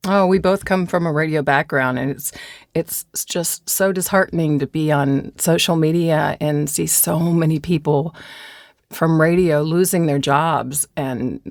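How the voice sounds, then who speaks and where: A woman's voice: low voice, no room sound, clean studio sound. A woman co-hosting a voice-over podcast, chatting casually and laughing easily. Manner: expressive, quick to laugh. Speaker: podcast co-host, voice actor. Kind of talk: casual chat.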